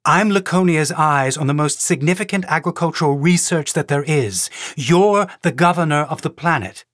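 A man putting on a sharp, demanding woman official. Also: on the high side, normal speed, dry recording, studio quality, pitched above the performer's own voice, natural voice. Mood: insistent. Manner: forceful, cutting.

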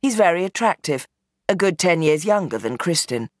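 A woman reading a novel aloud in measured, tense scripted narration. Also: lowish voice, big pitch swings, dry recording, studio quality. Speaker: audiobook narrator.

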